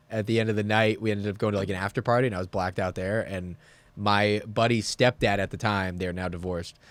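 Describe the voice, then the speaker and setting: A young man co-hosting a podcast, telling stories in quick, animated casual chat and swearing. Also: low voice, dry recording. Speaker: podcast co-host.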